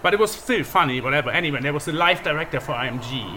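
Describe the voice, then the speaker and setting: Soft-spoken man with a bright voice. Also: a little high, lively intonation, racing, soft background music. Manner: soft-spoken, trailing off, many fillers. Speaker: guest. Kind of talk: casual podcast chat.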